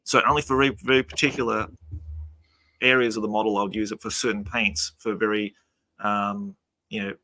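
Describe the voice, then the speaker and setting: A man's voice: fairly low pitch, little pitch movement, brisk, bright, forceful tone, a little hiss or hum. A man hosting a casual hobby chat, giving easygoing, rambling explanations. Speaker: channel host. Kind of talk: casual hobby chat over video call.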